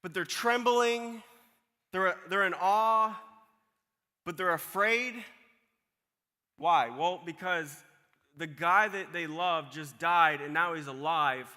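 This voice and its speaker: A male pastor preaching in a casual, storytelling way, slipping into the voices of the people he describes. His voice is high and very bright. A long hall reverb hangs on every phrase. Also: slow pace, pauses often. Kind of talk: sermon.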